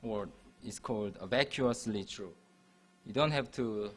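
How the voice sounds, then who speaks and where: A man's voice: on the low side, a little slow. A man giving a university math lecture, explaining patiently and restarting phrases as he goes. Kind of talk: classroom lecture.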